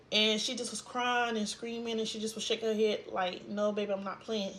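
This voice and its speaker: A young woman telling a painful personal story in a vlog, halting and trailing off as she fights tears. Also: medium pitch, level tone, a bit bright, a little hiss or hum. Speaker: vlogger.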